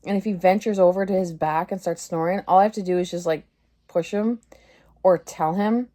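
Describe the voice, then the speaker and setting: A woman's voice: lowish voice, a little fast, mellow. A woman in her thirties vlogging in a casual, rambling way, filling her talk with "like" and laughing at herself. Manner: rambling, heavy use of "like", laughing through embarrassment. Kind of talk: casual confessional vlog chat.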